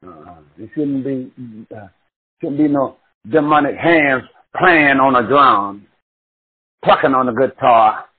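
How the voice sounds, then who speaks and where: A man preaching a sermon with passion, swinging from shouted cries to hushed murmurs and drawing out words slowly. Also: mid-range voice, slightly rough. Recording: tinny phone-like recording.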